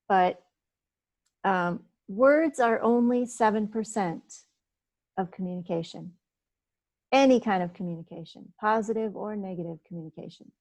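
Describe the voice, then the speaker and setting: A woman's voice: mid-range voice, a little mellow, no echo, rough recording. A woman giving an informal talk at a business meeting, speaking conversationally with frequent fillers and restarts. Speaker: presenter at a business networking meeting. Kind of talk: informal presentation.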